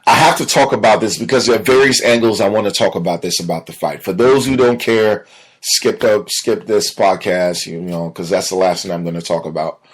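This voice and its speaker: A man talks through his week on a casual podcast in a deep, slightly husky voice. He tells stories with plenty of energy, then slides into a low, muttering tone when something bothers him. The delivery is loose and conversational, like talking to friends. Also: fairly quick. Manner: animated storytelling, drops to a low mutter when upset. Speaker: podcast host. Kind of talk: casual solo podcast talk.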